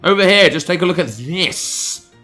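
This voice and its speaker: A man's voice: high-pitched, animated, normal speed, bright, forceful tone, faint music behind, pitched above the performer's own voice. A man reading the lines of a young man who urgently pleads with a stranger for help.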